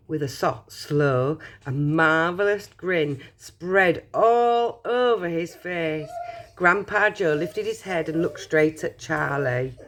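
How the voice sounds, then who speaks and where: Lively woman reading a storybook. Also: low-pitched. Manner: expressive, dramatic storytelling. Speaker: reader. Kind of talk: reading a children's book aloud.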